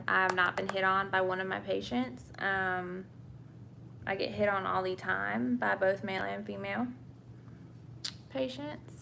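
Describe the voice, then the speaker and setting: A woman's voice: mid-range voice, vocal fry, bright, forceful tone, slight background noise. A young woman with a Southern US accent, from England, chatting casually with viewers about work as a nurse while doing her makeup. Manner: chatty, answers viewer questions, many fillers and restarts. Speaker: nurse and vlogger.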